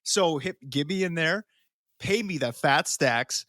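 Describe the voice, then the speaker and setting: A man co-hosts a casual podcast, brash and crude in his jokes. His voice sits a little high, and the dry close mic keeps the room out. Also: animated, a little slow, sharp tone, no echo. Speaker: podcast co-host.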